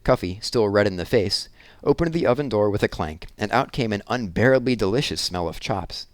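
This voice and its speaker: A man narrating a children's novel aloud in a measured, expressive reading. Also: fairly low pitch, no room sound. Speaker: audiobook reader. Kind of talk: storybook narration.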